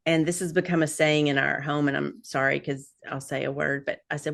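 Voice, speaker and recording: Guest, middle-aged woman: low gravelly voice, rambling anecdotes. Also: level tone, brisk, fairly bright tone. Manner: rambling storyteller with frequent fillers and laughs. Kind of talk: casual chat.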